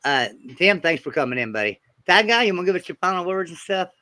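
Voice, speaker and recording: A man's voice: sits high, very animated, quick pace, sharp tone, dry recording. A man hosting a livestream, thanking viewers and guests in a friendly way. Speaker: livestream host. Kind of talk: host sign-off and thanks.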